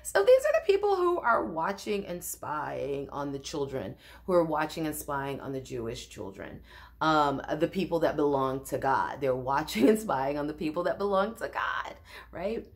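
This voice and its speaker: Lower-pitched woman teaching a Bible study. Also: big pitch swings, normal speed. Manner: conversational, with frequent restarts and asides.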